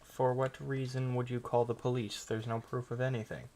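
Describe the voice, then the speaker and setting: A woman's voice: very deep voice, level tone, normal speed, darkish tone, slight background noise. A woman chatting on a gaming stream, making dry, wry jokes. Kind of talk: casual gaming stream chat.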